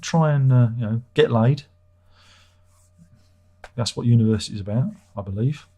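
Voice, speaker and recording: Husky, mellow-voiced man on a livestream. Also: medium pitch, normal speed. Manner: irreverent, joking, swears freely. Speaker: livestream host. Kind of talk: casual livestream chat reading viewer comments.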